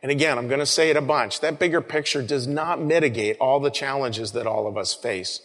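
Male pastor, relaxed sermon, mid-pitched voice, long reverb of a big church. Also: brisk. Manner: conversational, often repeats words, addresses listeners as folks. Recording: long reverb of a large room.

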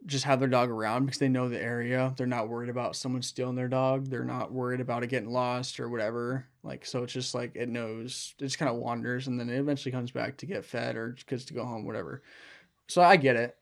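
Young guy on a podcast, rambly, says like a lot, mid pitch. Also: steady tone, fast. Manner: rambling, heavy use of "like". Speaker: podcast co-host. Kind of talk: casual chat.

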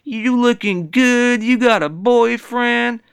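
A man voicing a brash young man who catcalls a woman, drawn-out and high. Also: creaky, smooth, exaggerated voice. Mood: swaggering.

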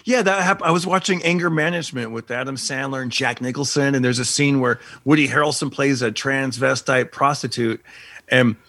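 A man's voice: mid-range voice, fairly even intonation, a little fast, gravelly, pushed and bright, no room sound, clean studio sound. A married man co-hosting a casual chat, easygoing and laughing often.

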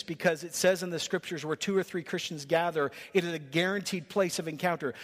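A pastor delivers his sermon in short, rhythmic, emphatic bursts. His voice sits high for a man. The sound carries the long reverb of a big church hall. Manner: emphatic, punchy preaching in short rhythmic phrases. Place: church sanctuary.

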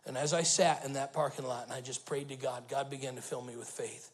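A man, the lead pastor, preaching a sermon, telling stories and building to loud emphatic bursts. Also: medium pitch, steady tone, a little fast, low-quality recording.

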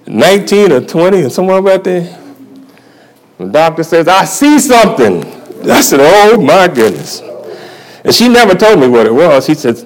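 A man's voice: high-pitched, rough recording. A male church elder giving a sermon testimony at a convocation, telling his story in a folksy way and chuckling often.

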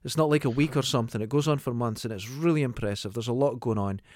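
Scottish male podcast co-host, mid-pitched, swearing storyteller, dry close mic. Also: darkish tone, no echo. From Scotland. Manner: sweary, anecdotal, halting with fillers. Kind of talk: casual chat.

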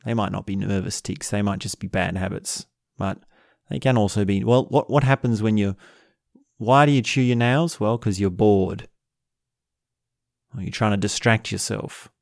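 A man's voice: on the low side, moderate pace, gravelly, no room sound, studio quality. A man hosting a self-help video, talking through a practical tip in a playful, wandering way. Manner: playful, wandering, breaks into laughs. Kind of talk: casual spoken tip monologue.

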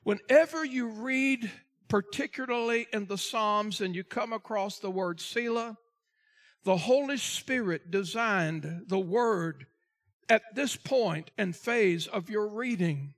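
Man, pastor, preaching a sermon, fairly high voice, dramatic slow emphasis, speaks to the congregation. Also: a bit bright. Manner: addresses the congregation directly, asks for responses.

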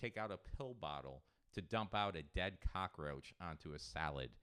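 A man hosting a podcast in casual chat. He is an animated storyteller who swears freely and acts out what people said. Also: sits low, normal speed, clean tone. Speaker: podcast host.

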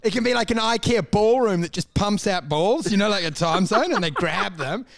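A man's voice: high voice, animated, moderate pace, creaky, fairly bright tone, dry recording, clean studio sound. A young man riffing jokes in casual banter, swearing and tossing in "you know what I mean" asides.

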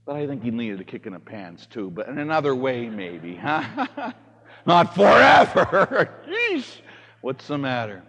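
Animated priest preaching in a reverberant hall. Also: male voice, medium pitch, normal speed. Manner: animated storytelling, swings from hushed to shouting. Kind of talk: homily.

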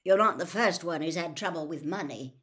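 A woman voicing a suspicious middle-aged male Muggle campsite keeper who talks curtly and slowly. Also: lowish voice, a bit bright, natural voice. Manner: blunt, curt, slow-spoken.

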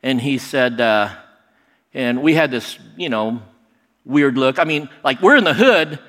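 A middle-aged man telling a personal story in a lively, animated way, acting out other people's lines. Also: medium pitch, a little slow. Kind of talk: personal story told to an audience. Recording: long hall reverb.

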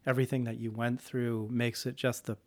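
A woman's voice: extremely low pitch, level tone, brisk, a little mellow. A woman interviewer asking open questions and affirming her guest in a casual conversation. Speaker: interviewer, host.

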